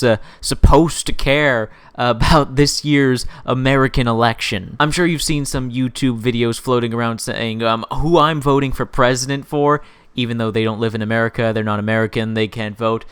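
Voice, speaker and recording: A man in his twenties ranting in an unscripted vlog, rambling and sarcastic, with sudden jumps in pitch. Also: fairly bright tone, clean tone, no echo. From Canada. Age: 20s. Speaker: gaming YouTuber.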